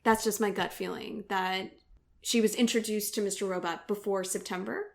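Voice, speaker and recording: A woman's voice: mid-range voice, fairly even intonation, moderate pace, vocal fry. A woman co-hosting a podcast, laying out her theory about a TV show in a casual, reasoned way and correcting herself as she goes. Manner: reasoned, thinks aloud with self-corrections. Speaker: podcast co-host. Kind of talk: casual TV discussion.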